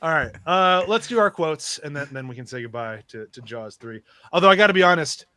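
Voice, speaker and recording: A man's voice: fairly high pitch, animated, brisk, sharp tone, no echo. A man hosting a casual film podcast, chatty and loose, who laughs easily. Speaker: podcast host.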